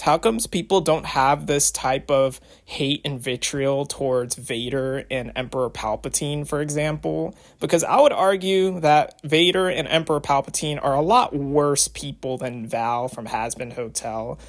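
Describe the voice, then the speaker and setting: A young adult man giving casual vlog commentary, chatty and rambling with lots of fillers. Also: mid-range voice. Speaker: vlogger.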